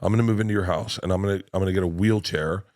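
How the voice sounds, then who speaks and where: A man in his fifties with a fairly low voice, spinning rowdy stories on a podcast. He jumps into the scenes he tells and acts them out, and his voice shoots up or drops off as he plays each part. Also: rapid-fire. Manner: animated storyteller, acts out scenes. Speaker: comedian guest. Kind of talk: casual podcast chat.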